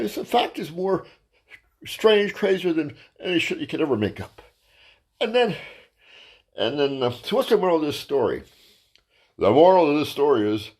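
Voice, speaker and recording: A man, a stand-up comedian, telling a crude, rambling story in a ranting style and tripping over his words. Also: fairly high pitch. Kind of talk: profane comic storytelling monologue.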